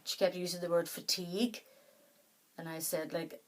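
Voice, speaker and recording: A woman vlogging in casual chat to the camera, out of breath, her talk soft and halting, often trailing off. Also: lowish voice, little pitch movement, rough recording. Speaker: doll collector vlogger.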